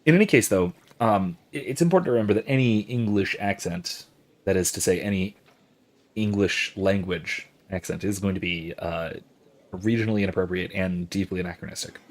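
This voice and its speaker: A man with a somewhat low voice talks through a game in a loose, lecturing way. He wanders through his points with lots of ums and restarts, stopping now and then to react to viewers' comments. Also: fairly quick. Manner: rambling, professorial, many fillers and restarts; reads out viewer chat and reacts. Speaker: gaming channel host. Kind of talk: casual explanatory commentary while playing.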